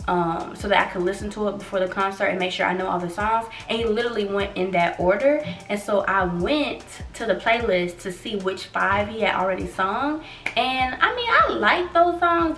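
A young woman telling a story to her viewers in a casual vlog, lively and expressive, acting out what she and others said. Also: medium pitch, roomy sound, recorded from a distance. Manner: animated, acts out quotes, addresses viewers as y'all. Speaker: vlogger.

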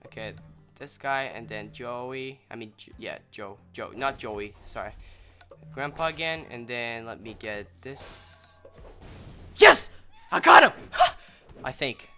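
Bright-voiced young man narrating gameplay. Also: mid-range voice, unhurried, faint music behind. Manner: rambling, apologetic, bursts into excited yelling. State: slightly sick, clearing throat. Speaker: gameplay commentator. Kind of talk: casual let's-play commentary.

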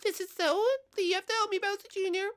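A man voicing a cheerful, sweet young woman in a game role-play with a very high falsetto. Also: steady tone, fast talker, fairly bright tone.

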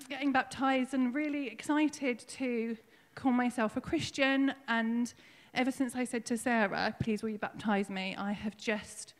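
A woman giving a personal testimony at her own baptism in church, emotional and tearful, halting with fillers as she speaks. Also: fairly high pitch. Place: church hall. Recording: long hall reverb.

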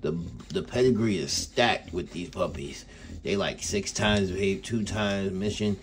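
Deep-voiced laid-back man vlogging. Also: a little slow, slight background noise. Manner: laid-back, rambling, uses y'all and man a lot. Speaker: dog breeder vlogger. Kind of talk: casual vlog. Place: indoors at home kennel.

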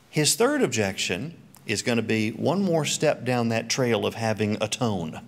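A man's voice: medium pitch, expressive, measured pace. A middle-aged man giving a church Bible teaching talk, full of joking, self-mocking asides.

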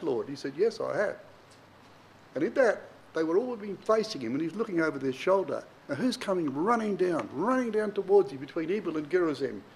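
A man teaching a sermon, reading old-style scripture verses and explaining them directly to his listeners with emphasis. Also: rough recording. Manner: reads King James verses then explains them plainly to the congregation; emphatic, varies pitch and pace widely for emphasis. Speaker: Bible teacher.

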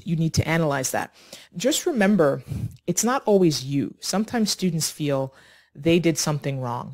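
A woman teaching an online English lesson, speaking slowly and clearly in an encouraging way. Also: low-pitched, a little mellow. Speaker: ESL teacher.

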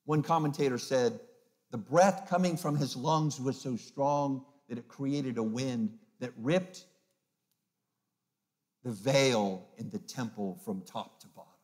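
A male pastor preaching with mid-range pitch and strong emphasis. He swings from loud, ringing lines to quiet, hushed ones. He sometimes puts on sneering voices of the crowd. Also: slow pace. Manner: acts out mocking voices of the crowd. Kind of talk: sermon.

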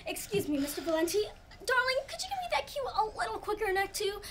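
A woman's voice: very high voice, very animated, quick pace, noisy background. A teenage girl in a school performance, playing a grand, gushing leading lady with an affected manner. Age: teens.

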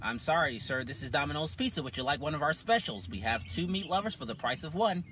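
Pizza phone clerk, polite and practiced, lively pitch, played by a man. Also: quick pace, slight background noise, exaggerated voice. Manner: scripted customer-service politeness.

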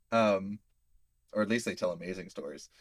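This tabletop player has a low voice, recorded with no echo. During the casual role-play session he sounds hesitant, using lots of filler words.

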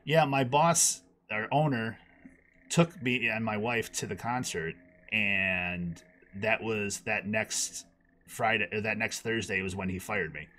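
A man's voice: slow pace, slight background noise. A man telling a long personal story on a podcast call, acting out the people he quotes with big jumps in his voice. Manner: animated, acts out quotes with big pitch jumps. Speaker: podcast guest. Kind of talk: casual storytelling.

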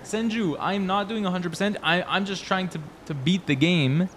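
Young male streamer, excitable and chatty, slightly high voice, faint hiss behind. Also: moderate pace. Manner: excitable, chatty, reads chat aloud, playful. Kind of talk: live game stream chat.

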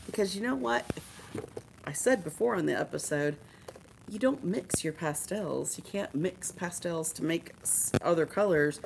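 A slightly low-voiced woman hosts a live art supply show in a chatty, enthusiastic way. She shows off products in an easy, casual manner and trades jokes with her co-hosts. Faint noise sits behind her voice. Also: a little slow, vocal fry.

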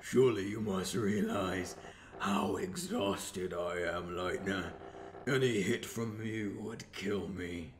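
A man voicing an exhausted, menacing chess-piece king who talks in a slow, sneering, taunting way, recorded in an echoey room with noise behind. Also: sits low.

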